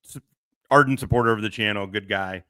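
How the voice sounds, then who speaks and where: A man's voice: fairly low pitch, brisk, bright, forceful tone, smooth, no room sound. A middle-aged man hosting a casual livestream, rambling, swearing and laughing often into a close mic. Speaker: livestream host.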